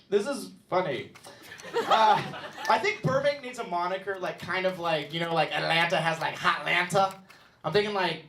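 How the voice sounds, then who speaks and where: High-voiced young man doing stand-up. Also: background noise. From Texas. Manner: chatty, self-deprecating, filler-heavy. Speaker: stand-up comedian. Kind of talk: stand-up comedy set. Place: comedy club. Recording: roomy club sound from a distance.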